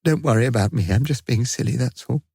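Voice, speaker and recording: A man's voice: mid-range voice, steady tone, moderate pace, mellow, no room sound, clean studio sound, pitched above the performer's own voice, close to an everyday voice. A man voicing a distraught middle-aged widowed mother with a quavering, tearful voice. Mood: tearful despair. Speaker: audiobook narrator.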